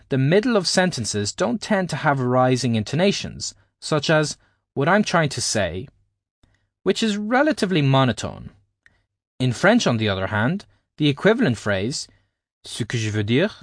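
A man from Ireland, reading his own language-learning book aloud in a clear, explanatory teaching manner. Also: a little high, no echo, studio quality. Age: adult, at least 20s. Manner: explanatory, carefully paced teaching delivery. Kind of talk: scripted audiobook narration.

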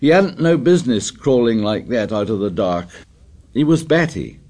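A man doing a shrill, anxious schoolboy. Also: expressive, normal speed, a little mellow, lightly acted. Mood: insistent shrill. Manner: shrill, insistent, pleading. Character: anxious stubborn plump schoolboy.

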